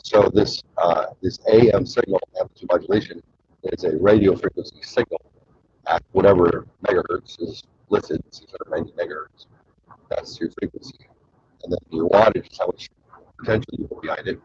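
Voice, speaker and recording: A man's voice: sits low, steady tone, brisk, darkish tone, slightly rough, highs cut off. A man hosting his own show, telling rambling stories casually with lots of fillers and crude humor. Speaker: show host.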